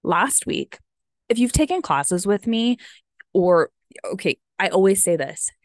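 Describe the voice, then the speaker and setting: A woman's voice: medium pitch, sing-song, measured pace, dry recording. An American woman in her thirties, a vlogger chatting casually and rambling with lots of "like" and "um", a bit sniffly. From United States. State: sniffly from having teared up. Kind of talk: casual chat.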